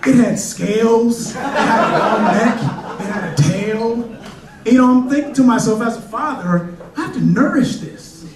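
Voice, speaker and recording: A man's voice: extremely high pitch, normal speed. A man doing a casual stand-up comedy set, telling stories in a loose, conversational way. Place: comedy club stage. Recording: echoey club, distant mic, crowd. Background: audience laughter.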